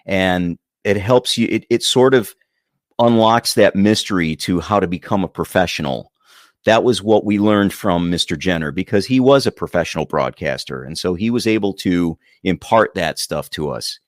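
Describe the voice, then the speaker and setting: A man who works as a radio broadcaster, answering interview questions in a measured, clearly enunciated way. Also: low voice, no room sound, clean studio sound. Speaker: radio broadcaster and voice-over guest.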